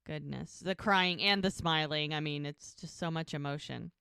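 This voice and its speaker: A woman co-hosting a podcast, retelling the scenes of a TV episode in a lively, chatty way. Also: low voice, moderate pace, vocal fry, clean tone, dry recording, clean studio sound. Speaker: podcast co-host. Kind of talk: casual episode recap chat.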